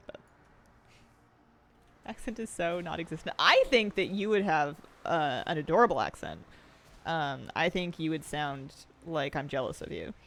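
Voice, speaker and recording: A woman's voice: low voice, creaky, a little hiss or hum. A young Canadian woman streaming, chatting casually and giggling while she reads her chat aloud.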